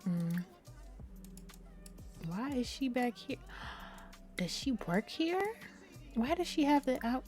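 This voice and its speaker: A young woman giving casual, chatty let's-play commentary and talking straight to her viewers. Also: mid-range voice. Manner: chatty, animated, addresses viewers as y'all. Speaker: gaming YouTuber.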